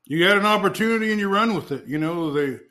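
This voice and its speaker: A man hosting a casual interview, talking in a relaxed, halting way with plenty of pauses. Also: sits high. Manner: relaxed, halting, lots of fillers. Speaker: host.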